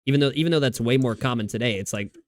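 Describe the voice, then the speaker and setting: Speaking very quickly in a medium-pitched voice through a desk mic, a man chats on a live stream about football. His talk is loose and rambling, with frequent restarted sentences and plenty of swearing.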